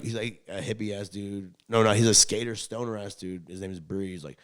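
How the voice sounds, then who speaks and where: Young male podcast co-host, low gravelly voice, blunt and profane, rambling, swings loud to quiet. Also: a little fast. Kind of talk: casual podcast chat.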